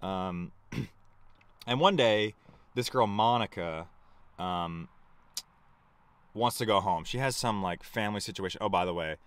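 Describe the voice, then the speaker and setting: A man's voice: lowish voice, a little slow, long pauses, a bit bright, smooth, no room sound. A young man telling a road-trip story in a loose, rambling way, swearing often and laughing at himself. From United States. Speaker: vlogger. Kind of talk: casual storytelling to camera.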